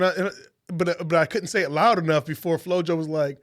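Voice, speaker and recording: Young guy cohosting a podcast, animated storytelling, cusses a lot, does little voices for people in the story. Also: a little high, fast. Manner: animated, swears freely, acts out quoted voices. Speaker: podcast co-host. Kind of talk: casual storytelling chat.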